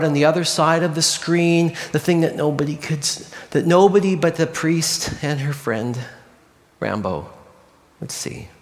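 A man telling a story in a sermon, expressive and often dropping to a hushed voice. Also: fairly high pitch, in a large hall.

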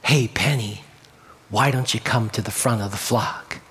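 A man voicing a gentle, caring shepherd who calls softly and kindly in a storybook tale. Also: measured pace, breathy edge, exaggerated voice. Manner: soft, low and kindly calling.

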